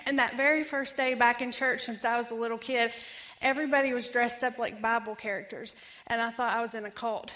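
A woman, telling her personal testimony in an animated way, acting out voices and laughing often. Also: on the high side, fairly quick. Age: 30s. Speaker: ministry founder giving testimony.

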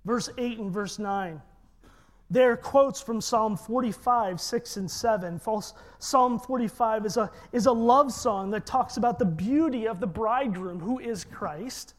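Slow, emphatic preacher. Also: medium pitch. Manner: emphatic, leads congregation in repetition. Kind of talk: sermon.

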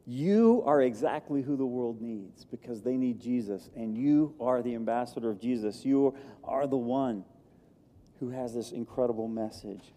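A male pastor delivers a sermon in a church sanctuary, building emphasis through repeated phrases. His voice is very dark and mellow, and it rings out with the long reverb of a large hall. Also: medium pitch, normal speed. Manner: emphatic, repetitive preaching cadence.

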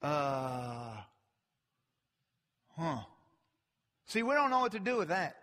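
Male preacher, high bright voice, slow deliberate delivery, big church reverb. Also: very animated. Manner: emphatic, builds from quiet to loud. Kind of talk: sermon. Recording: long reverb from a large hall.

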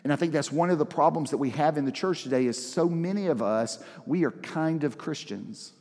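A man's voice: on the high side, a little fast, darkish tone. A man, a pastor, preaching a sermon in a conversational, storytelling way with dramatic emphasis, from what sounds like a church sanctuary. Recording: reverberant large hall.

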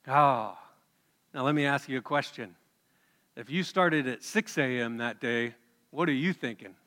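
A male pastor delivers a sermon in a bright, forceful voice, telling the story in a conversational way and putting questions to his listeners. His voice rings out with a long reverb from a large hall. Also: medium pitch, measured pace.

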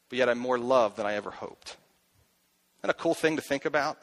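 A man's voice: mid-range voice, a little fast, a bit bright. A middle-aged man preaching a sermon as a pastor, earnest, asking himself questions aloud and repeating key phrases.

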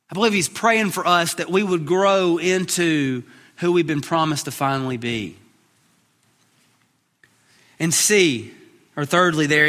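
A man's voice: fairly high pitch, sharp tone, big-room sound. A man preaching a sermon as pastor, earnest, often repeating words as he starts a phrase.

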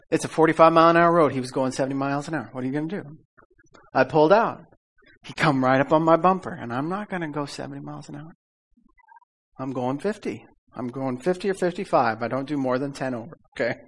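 A man's voice: on the high side, fairly bright tone. A man preaching a casual sermon, calling out for amens and audience repeats, laughing as he tells stories. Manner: laughs often while telling stories. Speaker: pastor. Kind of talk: conversational sermon.

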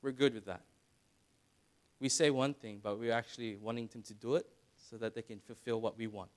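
A man preaching a sermon, dropping to quiet asides and then building to loud, dramatic retellings. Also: medium pitch, fairly even intonation, a little fast. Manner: dramatic, swings from soft asides to shouted retellings.

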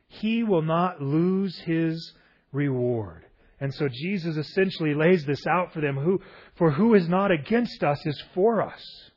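A man with a somewhat high, husky voice preaching in a relaxed, conversational way. He retells a gospel scene, stopping often for rhetorical questions. The sound is a little dull and lo-fi. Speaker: pastor. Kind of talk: sermon.

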